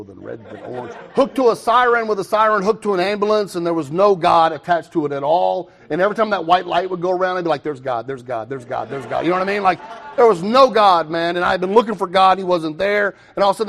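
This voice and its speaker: Gravelly man telling a recovery story. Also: high-pitched. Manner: animated storytelling with asides and self-mocking humor. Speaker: recovery speaker. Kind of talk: personal story told to a recovery meeting.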